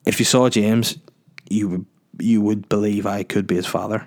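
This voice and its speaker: A man's voice: lowish voice, steady tone, unhurried. Jokey man hosting a podcast. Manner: rambling, jokey, sweary. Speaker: podcast host. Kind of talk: casual solo podcast chat.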